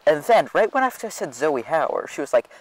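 A man's voice: fairly high pitch, very animated, brisk, rough recording. Rambling sarcastic teenage boy. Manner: rambling, sarcastic, keeps saying anyway. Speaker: vlogger. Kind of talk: storytime rant.

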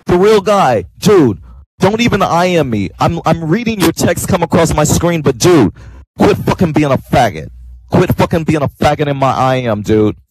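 A man ranting furiously into a headset mic during an online voice chat. His voice sits somewhat high for a man, and he repeats his insults over and over. The delivery is heated and profane throughout. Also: animated, normal speed, darkish tone, husky, poor audio. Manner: angry, profane, repetitive ranting.

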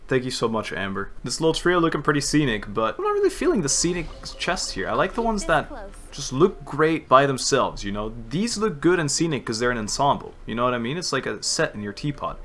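A man's voice: fairly high pitch, bright, forceful tone. A man giving casual gameplay commentary, chatty, laughing often and talking to the game. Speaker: gaming streamer.

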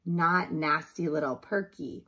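A woman's voice: low voice, unhurried, pushed and bright, slightly rough, full character voice. A woman reading aloud, voicing a bossy, cheeky little sister in a picture book. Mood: teasing.

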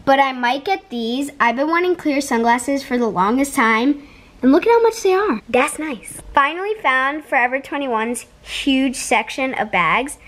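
A woman's voice: sits high, lively intonation, measured pace, a bit bright. A young woman chatting casually in her vlog, bubbly and gushing, often giggling. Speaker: vlogger.

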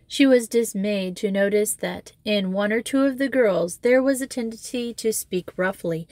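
A woman reading a children's school novel aloud in steady, measured storytelling. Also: mid-range voice, dry recording. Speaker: audiobook reader.

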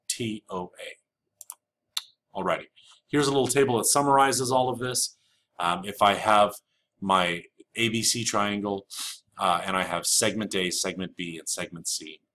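A man's voice: low-pitched, bright, forceful tone, a little hiss or hum. A man teaching a recorded geometry lesson, explaining step by step and repeating the key rules with casual fillers. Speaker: math teacher. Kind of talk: recorded flipped-classroom lecture.

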